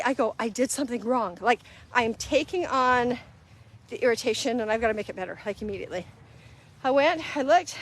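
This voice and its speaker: A middle-aged woman hosting a casual live-stream talk, earnest and conversational, acting out little quoted exchanges as she goes. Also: a little high. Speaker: host.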